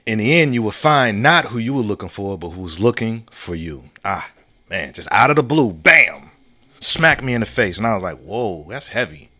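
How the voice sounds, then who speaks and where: Bright-voiced man musing on a podcast. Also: lowish voice, big pitch swings. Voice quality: laid-back, drawn-out phrasing with slang and restarts. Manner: reflective, repeats key phrases, asks "you know what I'm saying?". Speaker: podcast host. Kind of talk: casual solo monologue.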